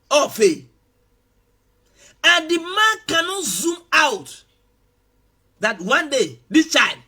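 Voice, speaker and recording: A man preaching in a strikingly high, sharp and bright voice. His pitch swings widely as he repeats key phrases and rises into impassioned shouts. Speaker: pastor. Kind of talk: sermon.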